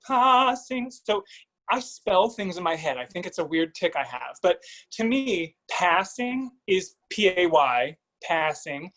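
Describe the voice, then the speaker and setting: A man's voice: high voice, animated, measured pace, fairly bright tone, poor audio. A man giving a singer vocal coaching feedback over a video call, singing short phrases to demonstrate.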